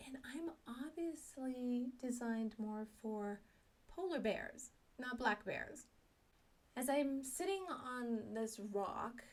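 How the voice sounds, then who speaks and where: A middle-aged woman telling a personal story, self-mocking and animated, acting out her own thoughts. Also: on the high side. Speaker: speaker sharing a personal story.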